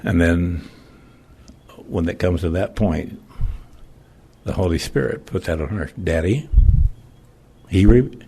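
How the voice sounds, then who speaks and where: Deep gravelly older man testifying. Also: takes it slowly, long pauses, dark tone. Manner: plain-spoken, folksy, emotional storytelling. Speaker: church speaker giving testimony. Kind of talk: personal testimony. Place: church.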